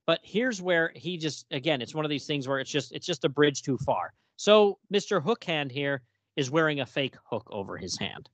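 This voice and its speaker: A man co-hosting a casual comic book podcast, animated and exasperated, reading panel dialogue aloud in character. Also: a little high, normal speed, no room sound. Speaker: podcast co-host.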